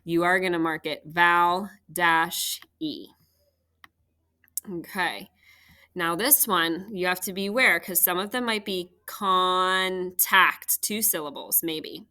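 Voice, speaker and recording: A woman's voice: lowish voice, fairly even intonation, takes it slowly, bright, forceful tone. A woman teacher patiently walking young students through a phonics worksheet, step by step. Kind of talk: phonics lesson walkthrough.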